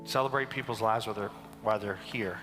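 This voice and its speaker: A man's voice: lowish voice, quick pace. Emphatic man speaking on a big stage. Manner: emphatic, swearing, emotional. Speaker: keynote speaker. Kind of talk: motivational stage talk. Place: large hall on stage. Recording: long hall reverb, music behind.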